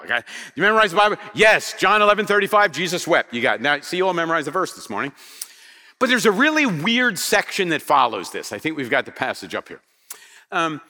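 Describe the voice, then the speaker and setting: Pastor, male, lively and high-voiced, animated storytelling sermon, hall echo. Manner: animated storytelling with rhetorical questions to the congregation. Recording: reverberant hall sound.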